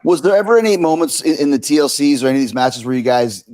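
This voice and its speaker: A man's voice: mid-range voice, animated, fast talker, a little mellow. A man hosting a podcast interview, asking loose, rambling questions. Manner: casual, rambling questions with restarts. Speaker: podcast host.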